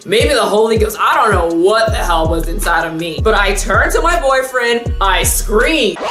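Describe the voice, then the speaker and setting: A young woman telling a personal story on her vlog, animated, sarcastic and full of swearing. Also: medium pitch. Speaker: vlogger. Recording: echoey room with music. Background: music.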